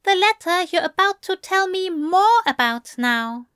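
A woman reading a story, voicing a gentle, affectionate male angel who coaxes softly. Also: very high-pitched, lively intonation, measured pace, no echo, studio quality, pitched above the performer's own voice, heavily acted. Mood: coaxing. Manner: soft, crooning, coaxing.

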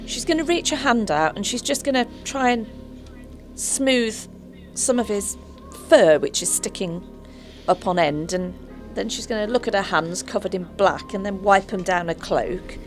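A woman playing a tabletop game, casually narrating her character's moves at a middle pitch. Music plays faintly in the background. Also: animated, moderate pace. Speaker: player.

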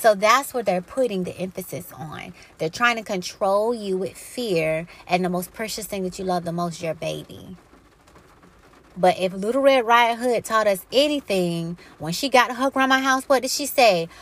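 A woman hosting a solo podcast in a fervent monologue. She speaks bluntly, swears freely and preaches with emphatic rhetorical questions. Her voice sits at an ordinary middle pitch. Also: moderate pace. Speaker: podcast host.

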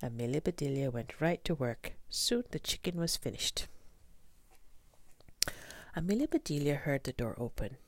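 A woman reading a children's storybook aloud, gentle and expressive. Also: sits low, normal speed, pauses often, dry recording.

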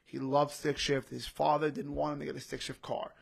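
A man's voice: fairly high pitch, little pitch movement, a little fast, creaky, slightly rough. A young man telling an emotional personal story in casual podcast chat, often saying "bro" and "literally". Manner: repeats himself, says "bro" and "literally" often. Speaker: podcast guest, comedian.

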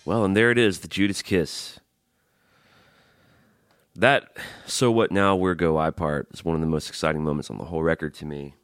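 A man's voice: deep voice, steady tone, normal speed, fairly bright tone, smooth, dry recording. A man hosting a podcast, giving enthusiastic, chatty commentary on songs with self-deprecating asides. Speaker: podcast host. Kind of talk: casual radio-style music commentary.

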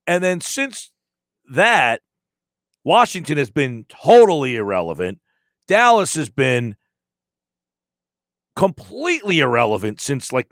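A man's voice: on the high side, a bit bright, dry recording, clean studio sound. A man in his forties hosting a sports radio show, talking casually and at length about football rivalries and reading listener texts aloud. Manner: rambling, conversational, reads listener texts.

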